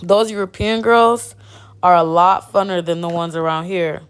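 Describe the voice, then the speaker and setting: A woman's voice: fairly low pitch, moderate pace, clear, resonant tone, natural voice. A woman reading the lines of a lazy grown son who talks in an evasive, offhand way.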